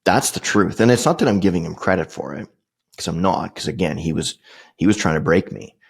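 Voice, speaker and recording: Gravelly low-voiced middle-aged man storytelling. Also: brisk. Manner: rambling, loose delivery with many fillers and restarts. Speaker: podcast host. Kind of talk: casual personal storytelling.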